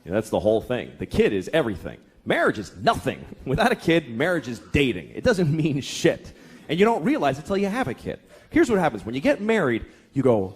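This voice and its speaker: A man's voice: medium pitch, huge pitch swings, brisk, slightly rough. A man in his thirties doing a stand-up comedy set, exasperated and profane, acting out little voices. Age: 30s. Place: comedy club stage with laughing audience. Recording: live club recording with crowd noise.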